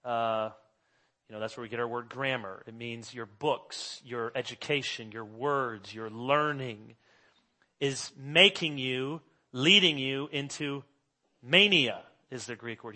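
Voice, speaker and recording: Forceful, animated male preacher. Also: mid-range voice, measured pace. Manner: animated preaching, swinging from hushed to loud emphasis. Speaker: pastor. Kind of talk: sermon.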